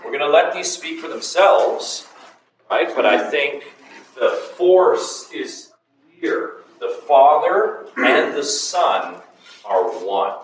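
A man's voice: fairly high pitch, big pitch swings, slow pace. A man teaching a Bible class, emphatic, putting questions to the students. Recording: echoey room, far from mic, faint noise.

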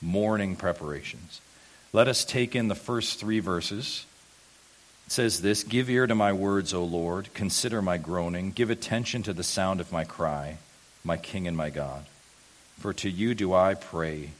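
Male pastor, lower voice, earnest sermon delivery with emphatic swells. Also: a little slow. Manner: earnest preaching, rising to emphatic peaks. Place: church sanctuary.

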